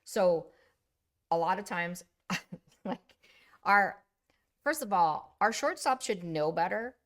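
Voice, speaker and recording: A woman co-hosting a casual chat, telling lively stories about coaching and acting out her own yelling. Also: lowish voice, takes it slowly. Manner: animated storyteller, acts out her own yelling. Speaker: podcast co-host.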